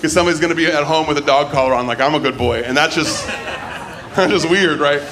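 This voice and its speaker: A man's voice: a little high, a little fast, fairly bright tone, a faint crowd. A man hosting a comedy open mic, telling loose, joking stand-up bits on a club stage. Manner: loose, joking, does silly voices for bits. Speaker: comedy show host.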